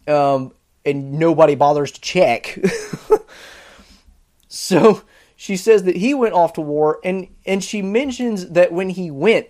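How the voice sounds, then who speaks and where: A man with a somewhat high voice talks casually as a podcast host reviewing a series. He sounds exasperated and sarcastic, and his delivery is animated. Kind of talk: casual commentary.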